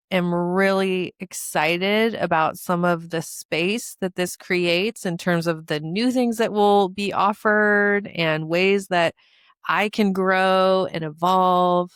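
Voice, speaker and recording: A woman's voice: fairly low pitch, smooth, dry recording, studio quality. A woman podcast host and coach speaking in an earnest, emotional promotional monologue, repeating words for emphasis.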